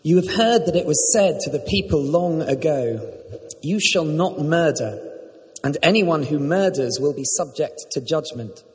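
Man reading scripture, steady, higher husky voice, far-off church echo. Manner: measured, steady reading aloud. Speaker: scripture reader. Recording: echoey church, far from the mic.

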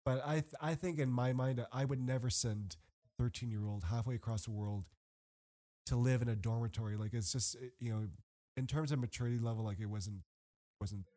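Young male host, easygoing, tells lively stories with lots of "like" and "you know". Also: medium pitch, fairly quick. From Canada. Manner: animated storyteller, laughs often, many fillers. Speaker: podcast host. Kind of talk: casual chat.

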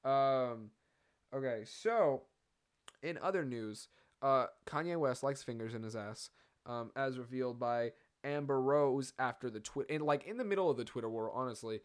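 A man's voice: mid-range voice, moderate pace. A young man hosting a casual solo podcast, rambling and profane with lots of fillers and asides. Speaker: podcast host.

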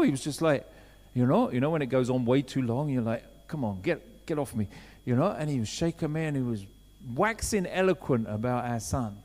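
A man preaching a sermon in a conversational way, swinging from quiet asides to loud urgent appeals. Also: fairly high pitch. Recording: long hall reverb.

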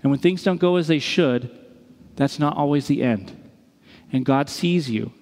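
A man in his thirties, a pastor preaching a sermon, telling stories in an animated way and acting out the people in them. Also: fairly high pitch, measured pace. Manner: animated storytelling with quoted voices. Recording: reverberant hall.

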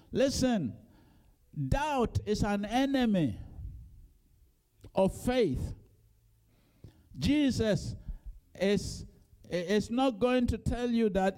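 A man preaching a sermon, reading scripture in a low voice and then rising into loud, emphatic exhortation. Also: expressive, extremely slow, long pauses.

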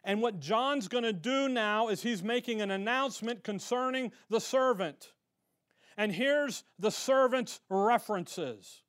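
A man with a notably high voice leads an evening Bible study. He talks in a casual, folksy way, drops slangy asides, and hits his main points with strong emphasis. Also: measured pace, fairly bright tone. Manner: emphatic when stressing key points. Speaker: Bible teacher.

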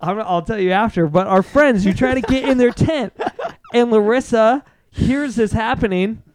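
A man's voice: high voice, normal speed. A young man casually retelling a camping story on a podcast, swearing a lot and acting out what others said. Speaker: podcast co-host.

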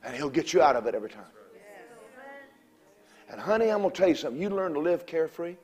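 A man preaching a revival sermon, telling stories, shouting at times and calling for amens. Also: on the high side, big pitch swings, quick pace.

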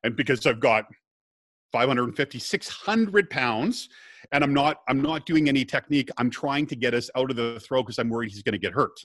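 Speaking at medium pitch and normal speed, with no room sound, a middle-aged guest relates a personal story in a casual chat. He tells it with energy, performing the quoted dialogue of others as he goes.

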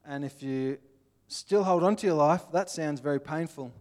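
Casting: Australian male preacher, plainspoken and earnest, voice slightly high. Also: normal speed, a little mellow. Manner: earnest, plainspoken, acts out little scenes. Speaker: pastor. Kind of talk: sermon.

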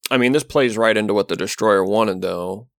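Deep, gravelly man, measured. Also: fairly bright tone, dry recording, studio quality. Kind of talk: casual chat about a film.

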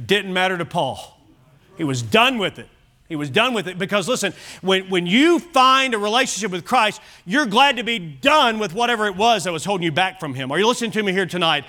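A man's voice: high-pitched, animated, brisk, sharp tone. A man preaching an evening sermon as pastor, emphatic and repeating key phrases. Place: church service.

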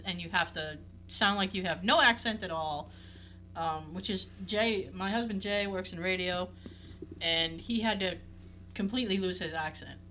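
A woman's voice: medium pitch, bright, forceful tone, a little hiss or hum. A woman co-hosting a casual chat, candid and profane, laughing often.

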